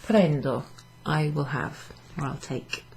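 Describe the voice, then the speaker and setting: A woman's voice: low voice, takes it slowly, gravelly, noisy background. A tired woman teaching a casual language lesson, explaining patiently while writing examples on a board. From Wales.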